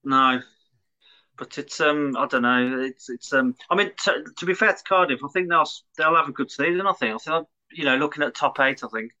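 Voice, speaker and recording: A man's voice: medium pitch, moderate pace, bright, forceful tone, dull audio. A man co-hosting a football podcast, mostly adding brief agreements. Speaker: podcast co-host. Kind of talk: casual football chat.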